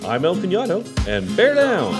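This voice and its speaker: A hammy local weatherman, put on by a man, reading a comic weather report in a swooping sing-song voice. His pitch leaps wildly from line to line. Loud plucked guitar music plays underneath him. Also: huge pitch swings, normal speed. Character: goofy male local weatherman El Cuñado. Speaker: comedic weather report segment.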